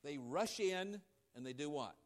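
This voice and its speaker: High-voiced preaching man, dramatic swings. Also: expressive, measured pace. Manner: dramatic swings between loud emphasis and low quiet asides, acting out voices in quotes. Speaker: pastor. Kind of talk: sermon.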